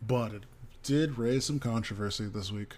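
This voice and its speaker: A man's voice: on the low side, normal speed, a little mellow. A man co-hosting a podcast, reading entertainment news aloud with frequent ums and casual asides. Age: adult parent of a young child. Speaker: podcast co-host.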